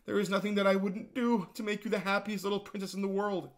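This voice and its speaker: Whiny obsessed young admirer, high and pleading, played by a man. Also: flat delivery, fast.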